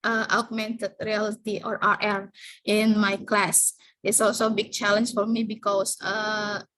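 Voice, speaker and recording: A woman, an elementary English teacher, presenting her plans in an online class in a hesitant, halting way. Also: mid-range voice, little pitch movement, a bit bright, low-quality recording. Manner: hesitant, halting, many fillers. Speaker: elementary school English teacher, student in training course.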